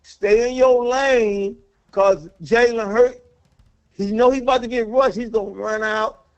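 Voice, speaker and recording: Furious high-voiced man ranting on a call-in. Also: fairly even intonation, a little slow. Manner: angry, profane, repeats himself. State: worked up. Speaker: caller. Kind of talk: heated call-in rant. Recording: dull lo-fi call audio.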